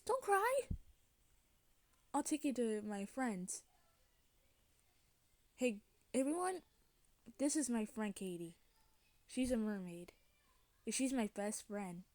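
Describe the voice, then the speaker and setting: A spirited cheerleader bird , put on by a woman talks high and perky in a fan-made cartoon story. She is loyal and ready to stand up for her friends. The recording is slow-paced and dry, with no room sound. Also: no room sound. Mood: worried. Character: peppy loyal female cheerleader bird, fiercely protective.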